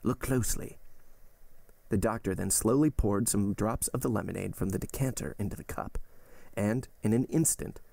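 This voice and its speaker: A man reads a classic novel aloud at a steady, measured pace. His low voice carries a gravelly texture, and the recording is close and dry, with no room sound. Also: no echo. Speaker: podcast host reading a novel aloud. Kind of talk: audiobook-style narration.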